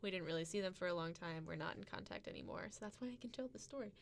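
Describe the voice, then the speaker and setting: A woman's voice: lowish voice, very fast, no echo. A woman co-hosting a podcast, chatting casually and telling an anecdote with frequent laughter. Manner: giggly, storytelling, animated. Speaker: podcast co-host. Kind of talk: casual chat.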